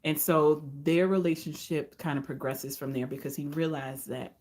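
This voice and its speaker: A woman reviewing romance novels in a casual vlog, retelling the plots in an animated way and slipping into the characters' quoted lines. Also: low voice, moderate pace, hardly any pauses. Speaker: book reviewer.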